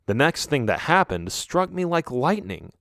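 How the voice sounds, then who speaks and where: A man reading a children's ghost story aloud as an audiobook narrator, telling it in an expressive storytelling manner. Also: a little high, normal speed, no room sound, studio quality. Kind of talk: scripted narration.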